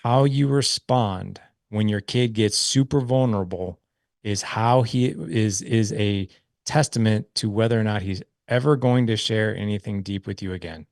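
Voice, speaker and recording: A man's voice: fairly low pitch, normal speed, a little mellow, no echo, studio quality. A middle-aged man speaking as a podcast guest, telling a story about fatherhood earnestly, often tagging "right?" on to his points. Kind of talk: conversational interview storytelling.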